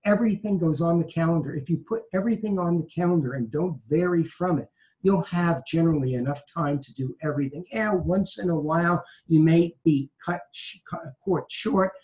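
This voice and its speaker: A man's voice: a little high, brisk, a little mellow, rough recording. Emphatic man, law professor. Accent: Brooklyn. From New York. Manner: emphatic, repeats key phrases. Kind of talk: conversational advice talk.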